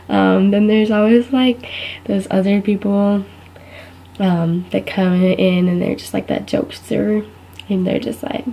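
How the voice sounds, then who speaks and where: A young woman, a college student, telling a casual comedic story to camera, giggling and putting on higher voices for the people she quotes. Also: fairly even intonation, normal speed, warm tone, poor audio. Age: young adult.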